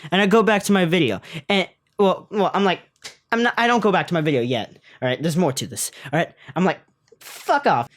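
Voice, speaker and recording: A woman vlogger telling a comic story in a profane, slangy, animated way. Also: on the low side, fast, no room sound, clean studio sound. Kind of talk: comedic storytelling vlog.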